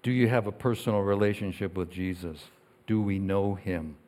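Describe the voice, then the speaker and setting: A man preaching a sermon as pastor. He talks earnestly, swings between loud emphasis and quiet asides, and reads scripture slowly. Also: low-pitched, fairly even intonation.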